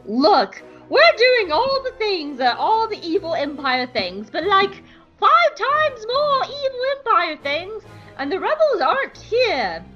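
A woman puts on a fretful young female imperial minister whose voice jumps high and wide as she frets over orders she cannot carry out. Her voice sounds a little muffled, with faint music behind it. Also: very animated, slow, a bit bright, heavily acted. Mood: exasperated.

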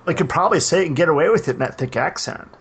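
A man's voice: fairly high pitch, animated, racing, fairly bright tone, husky. A man co-hosting a casual podcast chat, hesitant, with frequent restarts and fillers.

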